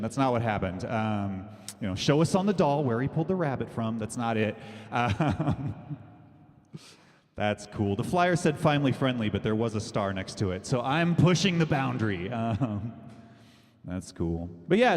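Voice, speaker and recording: A man's voice: fairly low pitch, darkish tone. A man doing a rambling, self-deprecating stand-up comedy set at an open mic, laughing between his jokes. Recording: long hall reverb.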